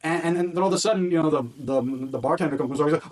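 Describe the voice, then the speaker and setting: A man who works as a wrestling ring announcer, a guest on an interview podcast, telling stories in a casual, animated way, acting out quotes and restarting often. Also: a little high, far from the mic. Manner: animated storytelling with quick restarts and acted-out quotes.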